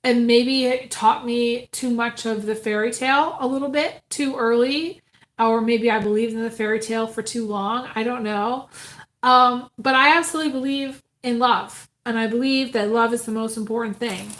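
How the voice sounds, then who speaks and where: A woman's voice: fairly high pitch, steady tone, normal speed, fairly bright tone. A woman giving a casual live tarot reading, talking earnestly and from the heart, with many ums and restarts. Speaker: tarot reader.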